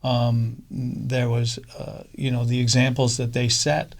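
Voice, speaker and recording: A middle-aged man speaking in a casual interview as a fund co-founder, halting often with fillers and restarts. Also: medium pitch, completely flat delivery, creaky.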